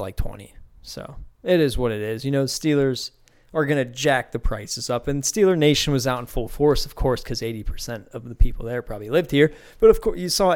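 Young man ranting casually, profane and loose. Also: medium pitch. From Pittsburgh. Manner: loose, profane, rambling with restarts. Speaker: podcast host. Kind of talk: casual solo podcast rant.

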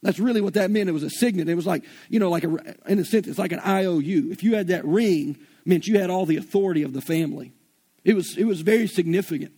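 Southern preacher guy, high-ish raspy voice, earnest folksy sermon talk. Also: fast talker, warm tone. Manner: earnest, folksy, retells scripture in everyday slang. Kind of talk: conversational sermon.

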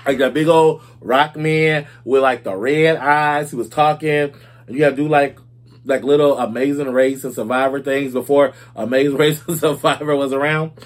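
A man hosting a casual celebrity gossip talk, chatty and informal, calling his listeners "y'all" and "baby". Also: mid-range voice.

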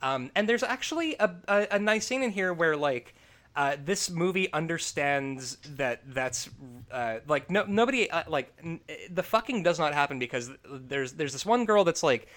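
A man talking about films in a casual, profane chat. His voice sits fairly high and swings up and down a lot as he gets worked up, and he breaks into laughter often. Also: expressive, normal speed, fairly bright tone. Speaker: podcast host. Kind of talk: casual movie review chat.

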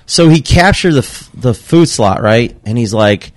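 Profane, animated man telling a story. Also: medium pitch, unhurried. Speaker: podcast guest telling a work story. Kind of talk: casual chat.

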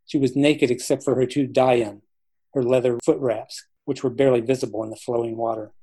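A man, the author, reading his novel aloud in steady, measured storytelling narration. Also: mid-range voice, slightly rough. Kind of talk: audiobook-style narration.

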